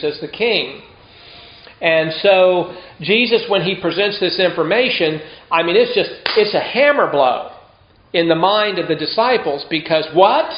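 A man preaching a sermon in a conversational way, often throwing rhetorical questions to the listeners. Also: sits high. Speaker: pastor. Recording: roomy, dull lo-fi sound.

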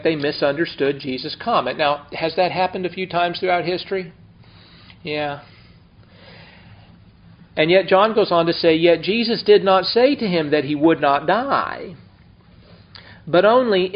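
A man teaching the Bible verse by verse in a conversational way, asking his class questions as he goes. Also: fairly high pitch. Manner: conversational, explains and asks the class. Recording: dull lo-fi recording.

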